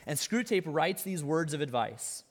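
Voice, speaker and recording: A man's voice: on the high side, expressive, normal speed, breathy edge. A man preaching a sermon, talking in an easy, conversational way, with emphatic stresses and dry humorous asides. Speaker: pastor.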